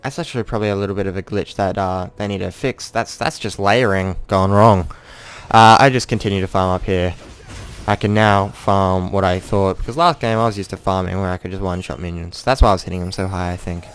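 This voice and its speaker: A man's voice: sits low, fairly even intonation, a little fast, clean tone. A young man giving casual, self-mocking commentary over his own gameplay and acting out what he said in the match. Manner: chatty, self-mocking, acts out his own in-game quotes.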